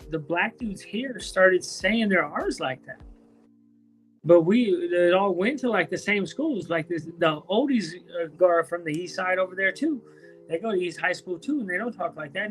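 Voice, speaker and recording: A man chatting casually on a home live stream, loose and profane, full of slang and restarts, high from smoking weed. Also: a bit bright. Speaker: streamer talking to chat. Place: at home, indoors.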